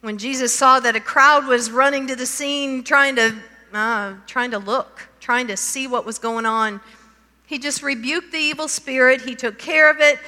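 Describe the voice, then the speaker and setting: Slow high-voiced woman preaching. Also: pushed and bright. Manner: reads scripture aloud and asks the listeners questions. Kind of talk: sermon. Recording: long hall reverb.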